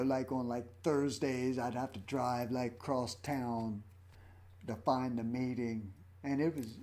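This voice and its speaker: A man's voice: medium pitch, dark tone. A man in his fifties hosting a casual livestream, telling rambling stories about his life as a rock drummer. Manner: rambling, anecdotal storytelling.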